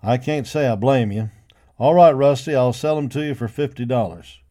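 A man voicing a good-humored ranch boss with a loud, commanding manner. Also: medium pitch, normal speed, natural voice. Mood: hearty. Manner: hearty, commanding.

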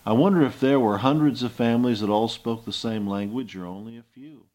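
An older man preaching from the Bible in an easygoing, folksy manner. His voice sits at an ordinary middle pitch as he reads scripture and then spins it into homely scenes. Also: a little fast, darkish tone. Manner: folksy storytelling, acts out scenes with rising voice. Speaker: Bible teacher. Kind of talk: sermon with Bible reading.

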